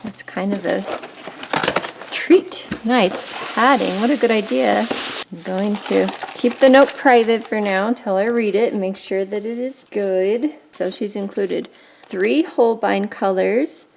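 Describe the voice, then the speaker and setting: A woman hosting a casual unboxing vlog, gushing over gifts with constant excited exclamations. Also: medium pitch, a little slow, gravelly, noisy background. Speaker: art channel host.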